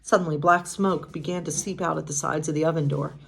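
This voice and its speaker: A woman's voice: deep voice, fairly even intonation, a little fast, vocal fry, husky. A woman pastor reading a bedtime story aloud, with chatty, casual asides and laughs.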